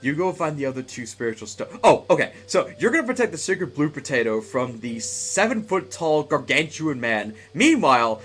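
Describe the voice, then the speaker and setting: A man's voice: a little high, big pitch swings, moderate pace, few pauses, fairly bright tone. Chatty male streamer, rambling casual commentary over faint game music. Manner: chatty, rambling, laughs often, many fillers.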